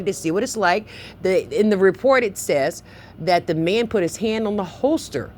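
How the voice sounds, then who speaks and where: A woman with a lowish voice pushes her complaint over the phone, insistent and emotional, circling back to the same points again and again. A faint hiss sits under her voice. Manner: insistent, emotional, repeats herself. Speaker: claimant on a phone call.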